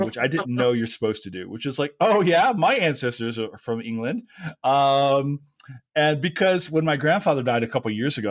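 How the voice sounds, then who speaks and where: A man from Kentucky hosting a podcast, chatting casually in a rambling way and laughing often. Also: medium pitch. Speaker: podcast host.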